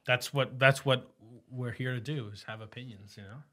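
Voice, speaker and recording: A young man co-hosting a casual podcast chat among friends, laughing often and stumbling over his words when excited. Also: mid-range voice, normal speed. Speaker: podcast co-host.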